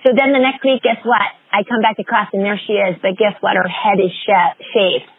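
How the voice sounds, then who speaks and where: A woman fitness executive, a guest in an interview, telling stories with lively acted-out quotes. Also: medium pitch, fairly quick, slightly rough, dry recording. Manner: animated storyteller, acts out quoted voices. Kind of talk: interview storytelling. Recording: dry, phone-like lo-fi audio.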